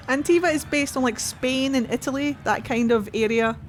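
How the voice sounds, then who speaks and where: A woman's voice: sits high, normal speed, a little hiss or hum. A young Scottish woman streaming a game, chatting casually and animatedly, laughing often and swearing now and then. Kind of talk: casual gameplay commentary.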